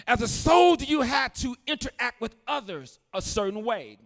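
High-pitched preaching man. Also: animated, normal speed, gravelly. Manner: storytelling that builds to emphatic, shouted preaching. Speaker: pastor. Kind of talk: sermon.

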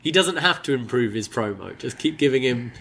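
Bright-voiced man in casual banter. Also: mid-range voice, animated, gravelly, a little hiss or hum. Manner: quick reactive banter with quick impressions. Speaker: wrestling review podcast co-host. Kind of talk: casual chat.

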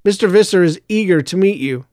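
Man doing big friendly security guy, quick n polite. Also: high voice, lively intonation, darkish tone, no echo, clean studio sound. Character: friendly burly male security chief.

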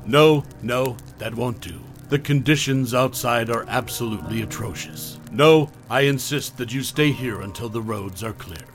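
A man's voice: mid-range voice, normal speed, hardly any pauses, soft background music, lightly acted. A man voicing an insistent older woman who hosts guests, with a sugary, overbearing manner. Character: insistent older woman innkeeper, sweetly pushy.

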